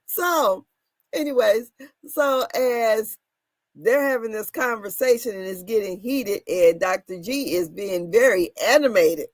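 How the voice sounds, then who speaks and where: A woman in her thirties casually recapping reality TV drama, animated and laughing, her voice swinging between loud and soft. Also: on the high side, moderate pace, dry recording. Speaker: commentary show host.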